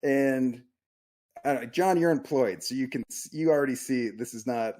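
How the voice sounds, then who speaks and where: Rambling comedian telling a story. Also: male voice, medium pitch, a little mellow. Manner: rambling, self-mocking, quick asides. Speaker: podcast co-host, comedian. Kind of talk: casual storytelling chat.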